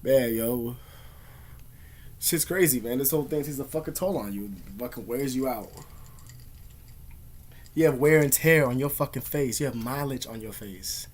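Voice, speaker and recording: A man's voice: medium pitch, moderate pace, long pauses. A man ranting casually to camera in rambling, profane slang. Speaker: vlogger.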